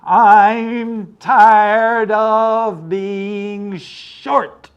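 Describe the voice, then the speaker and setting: A man's voice: sits high, fairly even intonation, very slow, clear, resonant tone, dull audio, voice pushed up. A man doing a strained, stubborn little boy. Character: little boy desperate to grow tall, stubborn.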